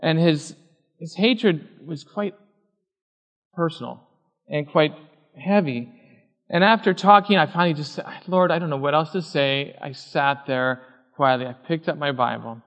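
Storytelling pastor in a reverberant hall. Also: male voice, fairly high pitch, measured pace, fairly bright tone. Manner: storytelling, acting out quoted voices. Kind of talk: sermon with personal story.

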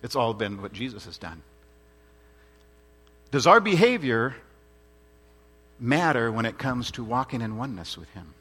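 A man's voice: medium pitch, big pitch swings, unhurried, long pauses, fairly bright tone, slightly rough. A man preaching a sermon in an earnest, emphatic way, repeating his points and asking rhetorical questions.

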